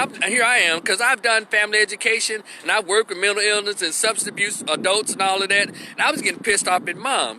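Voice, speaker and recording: A man's voice: high-pitched, background noise. A man telling a story in a casual vlog, talking animatedly and swearing freely. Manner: animated, profane, chatty. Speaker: vlogger.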